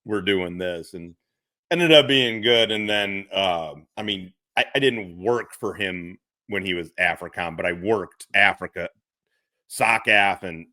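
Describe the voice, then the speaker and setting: A man's voice: sits low, measured pace, pushed and bright, no room sound, clean studio sound. A middle-aged man casually telling a rambling, profane story and acting out the people in it. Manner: rambling, profane, laughing, acts out quoted officers. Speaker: podcast co-host.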